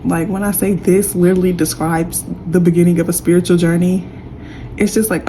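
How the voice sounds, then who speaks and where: A woman's voice: lowish voice, fairly even intonation, quick pace, slight background noise, rough recording. A young woman giving a casual tarot reading, chatty and emotional, talking straight to her viewers. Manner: chatty, warm and emotional, says y'all a lot. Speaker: tarot reader.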